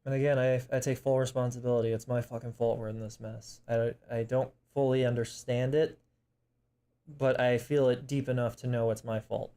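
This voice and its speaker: Distraught young man, halting apologies. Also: mid-range voice, level tone, dark tone, clear, resonant tone. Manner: halting, apologetic, frequent restarts and swearing. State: emotional, tearing up. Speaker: vlogger. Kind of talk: personal vlog confession.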